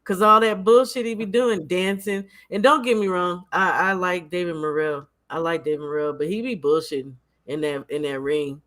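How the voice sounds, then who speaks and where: A man hosting a casual livestream chat, animated and laughing often, tending to repeat himself. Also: sits high, normal speed, few pauses. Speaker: livestream host.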